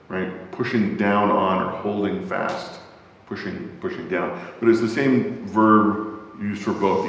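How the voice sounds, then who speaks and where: A deep-voiced man leads an adult Bible class in a church, explaining at an easy teaching pace. He hunts for words and fills the gaps with ums and uhs. His voice rings through a large, echoey hall with a long reverb tail. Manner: thoughtful, searches for words, many fillers.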